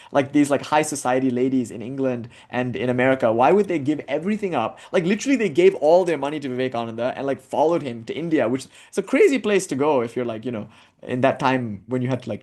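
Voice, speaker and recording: A man lectures on spiritual themes at a quick clip, with a voice of middling pitch. He drifts from story to story and peppers his sentences with "like" as he goes. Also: a little mellow. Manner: digressive storytelling, frequent "like" fillers.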